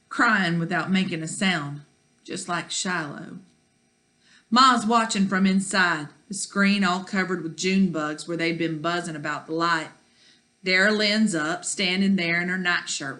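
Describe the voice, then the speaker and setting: Teacher reading a chapter book to kids, lowish voice, bright tone. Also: female voice. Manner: warm, chatty asides to kids. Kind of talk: reading a children's novel aloud.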